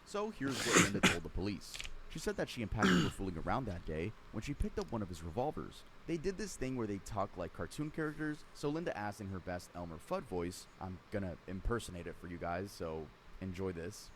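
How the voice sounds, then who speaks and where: A man giving scripted true crime narration, lively storytelling with dry sarcastic asides. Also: on the low side, fairly quick, few pauses, background noise.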